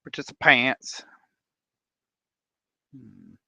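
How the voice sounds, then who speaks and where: A man hosting a casual livestream chat, playful and animated, tired and a bit congested, talking on a close desk mic. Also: extremely slow, no echo. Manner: animated, playful, breaks into laughs and silly voices. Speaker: livestream host.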